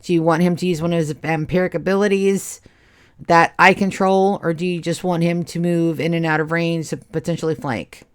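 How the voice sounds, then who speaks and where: A woman running a tabletop horror game as game master, narrating gore in a slow, drawn-out way. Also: on the low side, little pitch movement, smooth.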